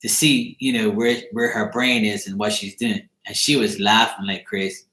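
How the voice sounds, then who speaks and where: A man hosting a chat show, telling a story casually in an animated way, laughing and swearing freely. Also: fairly low pitch, moderate pace, echoey room.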